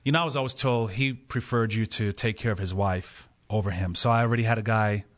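A man's voice: lowish voice, fairly even intonation, brisk. A man in his forties, a pastor, telling a funny story on a podcast with frequent laughter.

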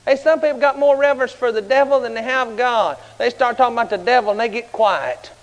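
A man preaching a fiery sermon, shouting at times and telling stories in a colloquial way. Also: very high voice, fast. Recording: large hall with long reverb.

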